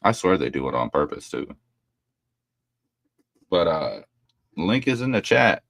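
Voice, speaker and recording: A man hosts a casual livestream from home, ranting bluntly and cursing freely. His voice sits low but leaps up and down with a lot of swing. The sound is dry and close, with no room echo. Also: very animated, measured pace, vocal fry, a bit bright. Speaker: livestream host.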